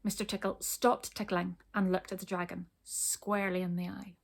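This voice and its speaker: A woman reading a children's storybook aloud, expressive, pausing to ask her listeners questions. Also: lowish voice, gravelly.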